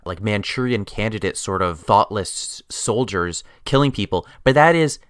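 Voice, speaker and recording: A man's voice: fairly low pitch, lively intonation, moderate pace, fairly bright tone, smooth, no echo. A man co-hosting a podcast, picking apart a TV episode in casual chat with a dry, critical manner. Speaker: podcast co-host.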